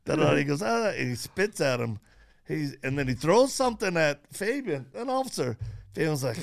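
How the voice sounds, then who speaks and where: A man hosting a casual podcast conversation, his voice gravelly and set a little high. He tells stories in quick, animated bursts, laughing as he goes. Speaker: podcast host. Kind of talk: casual interview chat.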